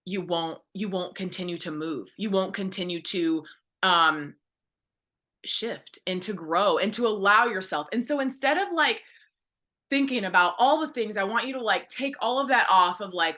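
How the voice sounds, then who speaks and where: Brief: woman, 30s, team leader, bright voice, candid and rambling, pep-talk delivery. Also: medium pitch, normal speed. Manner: candid, encouraging, rambling with many fillers. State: close to tears. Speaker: direct sales team leader. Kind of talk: motivational team call talk.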